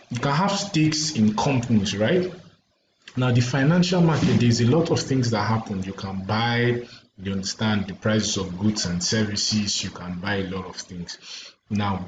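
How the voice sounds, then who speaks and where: Tired Nigerian man teaching, echoey room. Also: low voice. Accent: Nigerian English. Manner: repeats "right?" and "you understand" to check listeners. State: tired and yawning. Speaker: trading course teacher. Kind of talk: casual explanatory lecture. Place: recording indoors late at night. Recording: echoey room, dull lo-fi sound, faint background hiss.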